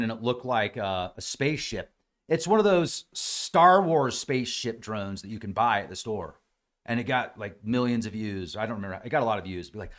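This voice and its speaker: A man hosting a podcast in a casual, rambling monologue, sarcastic and prone to mimicking gullible people, talking with a dry mouth at high altitude in the mountains. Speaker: podcast host.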